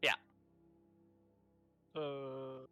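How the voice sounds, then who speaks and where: A man's voice: medium pitch, monotone, extremely slow, sharp tone, soft background music. A young man narrating a tabletop game as game master in a casual way, laughing often.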